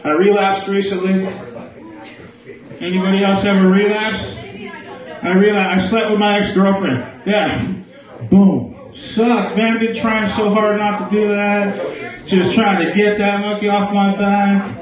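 A man's voice: high-pitched, level tone, unhurried, far from the mic. A man doing a crude live stand-up set in a small bar, riffing with the crowd. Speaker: stand-up comedian. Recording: echoey bar, mic heard from afar.

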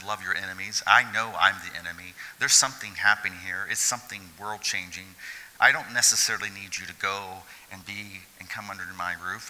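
Man, pastor, sermon, very bright voice, long church reverb. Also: lowish voice. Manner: expressive preaching, swinging from hushed to shouted. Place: church hall.

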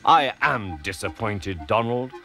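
Cast a man doing a stern, formal railway boss, slow and measured. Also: fairly low pitch, expressive, creaky, pushed and bright, soft background music, heavily acted.

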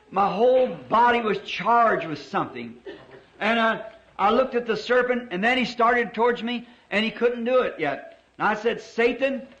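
A middle-aged man preaching a sermon, telling a story fervently and dramatically, slowing down to stress key words. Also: extremely high pitch, a bit bright. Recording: dull lo-fi old sermon tape.

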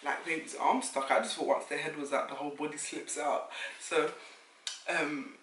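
A young woman, telling a lively story to camera as a vlogger and acting out what others said. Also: low-pitched, normal speed, a little hiss or hum. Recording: roomy sound, mic at a distance.

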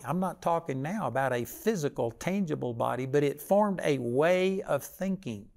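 A man's voice: on the high side, vocal fry. An older man preaching a sermon with folksy stories and a plain, conversational delivery.

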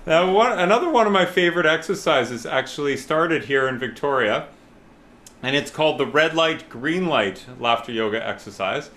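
A man's voice: a little high, animated, moderate pace, fairly bright tone, a little hiss or hum. A man leading a laughter yoga class, giving playful step-by-step instructions and breaking into hearty laughs. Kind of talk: guided group laughter exercise.

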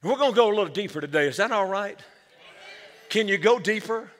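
A man's voice: high-pitched, expressive, fast, fairly bright tone. A man preaching a sermon as pastor, with energy, calling the church for amens. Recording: long hall reverb.

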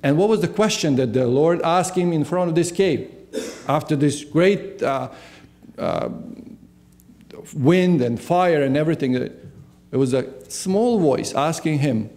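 A male pastor delivers a sermon in a church, keeping his tone soft and mellow. His speaking voice sits a little above the usual pitch for a man. He keeps asking the listeners questions and then supplying the answers. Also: animated, measured pace. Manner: asks the congregation rhetorical questions.

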